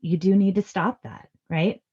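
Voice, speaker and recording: Earnest and reassuring, a parenting expert in her thirties gives advice as a podcast guest, gently voicing example lines for parents. Her low, husky voice keeps a steady tone at a moderate pace, and the high frequencies are cut off.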